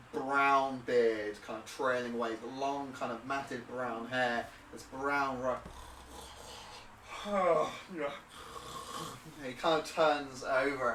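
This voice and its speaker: Rambling game master in an echoey room. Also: male voice, mid-range voice, a bit bright, a little hiss or hum. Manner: rambling, hesitant with many fillers. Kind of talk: narrating a tabletop game. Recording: roomy and distant.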